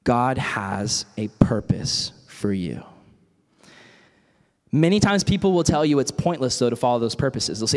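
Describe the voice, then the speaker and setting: A young man giving a casual, animated youth sermon full of stories and acted-out quotes. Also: medium pitch, measured pace. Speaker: youth speaker. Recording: reverberant hall.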